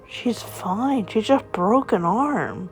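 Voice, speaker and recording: A woman playing a calm, matter-of-fact hospital doctor in a home-made storytelling. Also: mid-range voice, takes it slowly, soft background music.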